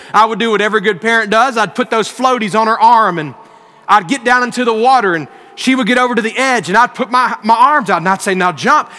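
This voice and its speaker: High, bright-voiced preaching man. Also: long reverb tail. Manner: earnest storytelling with emphatic rises. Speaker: pastor. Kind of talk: sermon.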